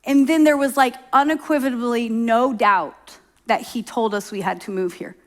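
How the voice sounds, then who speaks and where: Woman pastor, middle-aged, high voice, chatty sermon delivery with acted-out quotes. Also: fairly even intonation, moderate pace. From Oklahoma. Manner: conversational storytelling, acts out quoted voices.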